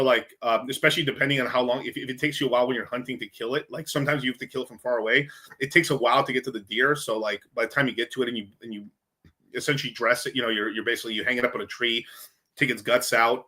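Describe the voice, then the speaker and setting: A young man from Mexico with a bright, forceful voice streams live over a desk mic. He answers chat questions in a casual, rambling way. He swears freely and restarts his sentences often. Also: medium pitch. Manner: profane, loose, lots of fillers and restarts. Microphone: streaming microphone.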